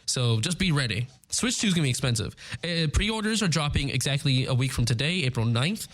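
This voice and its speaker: A young man hosting a show, chatting casually about gaming news, excitable and rambling, often stumbling over his words. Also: medium pitch, brisk. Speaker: show host. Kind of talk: casual chat, news recap.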